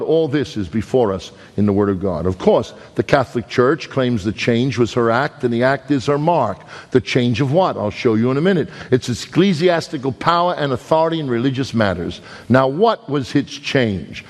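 Emphatic preacher, Brooklyn accent, hall reverb. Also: male voice. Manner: emphatic, swings between loud high peaks and low drawn-out words. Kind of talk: sermon.

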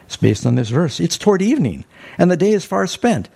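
A man preaching a sermon, telling a story with animated bursts of emphasis. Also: high-pitched, a little fast, gravelly, husky.

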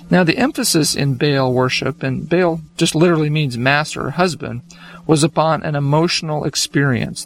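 A man co-hosting a religious discussion, explaining in a steady way. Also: medium pitch, creaky. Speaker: co-host.

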